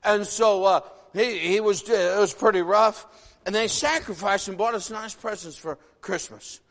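A man in his sixties, originally from the northern United States, preaching a sermon in an animated, folksy way, full of rhetorical questions. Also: high voice, a little slow. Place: church sanctuary. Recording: long reverb of a large hall.

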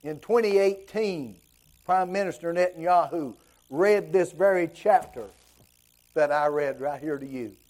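A man preaching a sermon in a high, soft-edged voice. He throws out rhetorical questions and swells with fervor as he builds his points. His tone stays warm and mellow rather than sharp. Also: unhurried. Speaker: pastor.

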